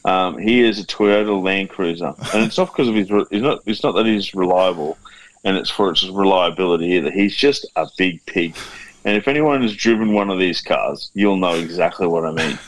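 A man's voice: sits low, brisk, no room sound, rough recording. A man co-hosting a podcast, teasing his friends in casual banter and swearing freely. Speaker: podcast co-host.

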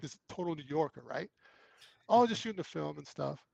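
A man's voice: a little high, moderate pace, vocal fry, dry recording, dull audio. A man, an actor guest, telling anecdotes in casual chat and acting out the quoted lines. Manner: animated storyteller who acts out quoted lines.

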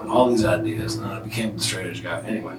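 Man guest, foul-mouthed animated storyteller; echoey room, off-mic, music underneath. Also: low-pitched, fast, recorded from a distance. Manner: profane, animated storyteller acting out quotes. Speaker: podcast guest. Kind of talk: casual storytelling. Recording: roomy echo, off-mic, music bed.

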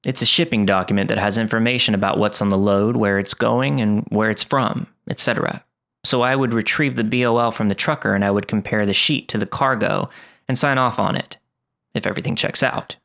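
A man reading first-person horror stories aloud in a steady, scripted narration. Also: lowish voice, a little fast, creaky.

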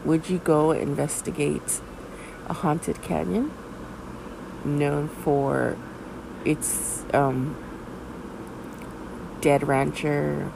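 A woman's voice: deep voice, drawn-out words, creaky, long pauses, noisy background. A woman hosting a podcast in casual chat, rambling with lots of fillers and frank, a bit crude. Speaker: podcast host.

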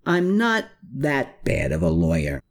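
A man's voice: on the low side, wildly swooping pitch, measured pace, full character voice. A man reading an audiobook, voicing an evasive male lawyer who answers questions with dry, defensive quips. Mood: wry, defensive.

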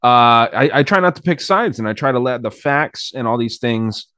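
A man's voice: medium pitch, lively intonation, normal speed, fairly bright tone, no room sound, studio quality. A man co-hosting a casual podcast, talking loosely with many fillers and some swearing. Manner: hedging, filler-heavy, swears. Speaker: podcast co-host. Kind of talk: casual chat.

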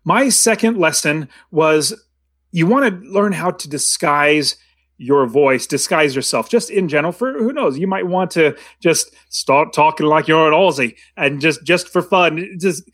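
A man's voice: on the high side, expressive, a little slow, a bit bright, no room sound. A man co-hosting a casual movie discussion, talking in a rambling way with many restarts. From United States. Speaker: podcast co-host.

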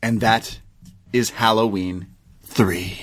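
A man's voice: lowish voice, steady tone, slow pace, a bit bright. A man co-hosting a casual movie review podcast, animatedly retelling the plot with casual swearing. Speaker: podcast co-host.

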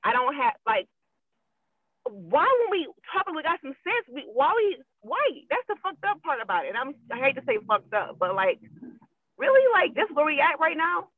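A woman's voice: sits high, big pitch swings, moderate pace, no echo. Emphatic woman on a tinny phone line. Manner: emphatic, repeats herself, gets loud. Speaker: guest. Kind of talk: casual chat.

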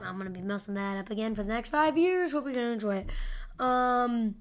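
A woman hosting a casual solo sports-prediction podcast, rambling and chatty with lots of fillers and asides, into a home mic turned up loud. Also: a little high. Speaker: podcast host. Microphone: home podcast microphone with gain turned high.

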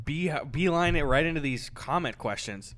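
A man's voice: on the high side, animated, moderate pace, fairly bright tone. A man co-hosting a podcast from a living room, joking around and swearing in casual banter. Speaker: podcast co-host. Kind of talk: casual chat.

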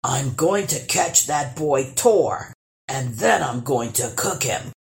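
A woman voicing a big, hungry male troll in a storybook, gruff and menacing. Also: rumbling low, lively intonation, slow, soft background music, voice pushed down, full character voice. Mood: greedy.

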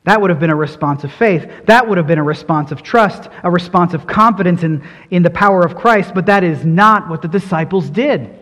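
A man preaching with a high, light voice, earnest and emphatic. His words ring out with a long reverb, as if spoken in a large sanctuary. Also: fairly quick, few pauses, a bit bright. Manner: earnest, emphatic, rising and falling delivery. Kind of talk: sermon.

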